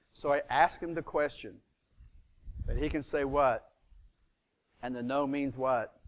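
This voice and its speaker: A middle-aged man teaches a room of students, firing fill-in-the-blank questions at them and playing out sales calls. His voice sits a little high for a man. He keeps the pace of a lively live seminar. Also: moderate pace. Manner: asks the audience fill-in questions, acts out phone calls. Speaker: real estate seminar speaker.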